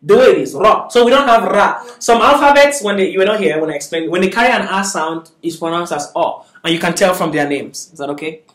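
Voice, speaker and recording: A man's voice: high-pitched, expressive, quick pace, hardly any pauses, a bit bright, far from the mic. Patient man teaching in an echoey room. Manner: patient, checks in with students constantly; encouraging, drills syllables aloud. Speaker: Arabic teacher. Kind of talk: classroom lesson. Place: classroom.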